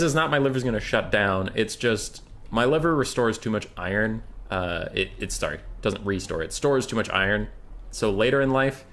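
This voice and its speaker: A young man with a slightly low voice calls a strategy game match in a loose, chatty way. He drifts between play-by-play and off-topic banter, swearing casually. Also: fairly bright tone. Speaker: game caster. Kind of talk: casual esports commentary.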